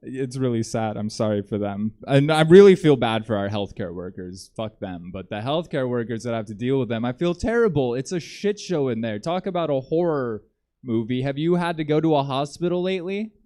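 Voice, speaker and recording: A man doing a stand-up comedy set on a theater stage, rambling in a deadpan way with frequent ums. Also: mid-range voice, fairly quick.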